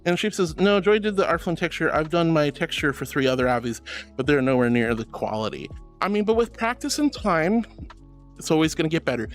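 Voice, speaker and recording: A man's voice: on the high side, very animated, a little fast. A man streaming as a VTuber, reading chat messages aloud and answering viewers affectionately, calling them sweetie and honey. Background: faint background music.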